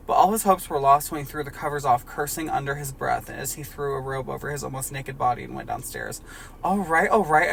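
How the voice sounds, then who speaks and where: A podcast host reads fan fiction aloud for laughs, stopping to add jokey asides. The voice is gravelly and mid-pitched. Faint hiss sits behind it. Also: a bit bright. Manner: laughing asides between lines. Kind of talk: comedic reading of fan fiction.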